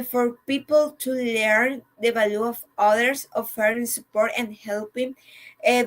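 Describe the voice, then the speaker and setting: A woman's voice: a little high, fairly bright tone, poor audio. A woman, a student, reading a prepared reflection on a novel aloud to her class, with hesitations and small slips. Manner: reads a written text with hesitations and small slips. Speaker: student presenter.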